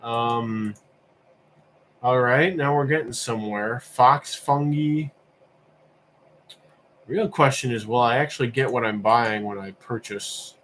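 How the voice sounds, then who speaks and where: A man's voice: mid-range voice, takes it slowly, pauses often, a bit bright, slight background noise. Man musing aloud on a livestream. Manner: rambling, musing, self-questioning with fillers. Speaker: livestream host. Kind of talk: casual livestream chat, thinking aloud while browsing.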